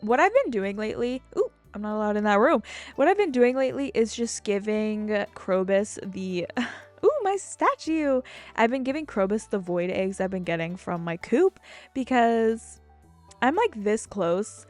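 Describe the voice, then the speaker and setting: Woman in her twenties, casual gameplay commentary, rambling, excitable, swears a lot, desk mic, faint game music behind. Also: a little high, measured pace. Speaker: gaming YouTuber.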